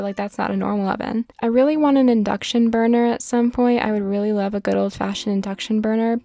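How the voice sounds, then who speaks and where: A woman's voice: on the high side, creaky, dark tone. A woman chatting casually while playing a life-sim game, rambling from topic to topic, sarcastic, swearing at the game now and then. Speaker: gaming vlogger.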